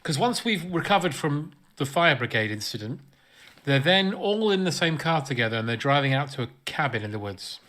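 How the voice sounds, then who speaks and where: Bright-voiced podcast host. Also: male voice, a little high, very animated, a little fast. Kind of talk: comedic film commentary.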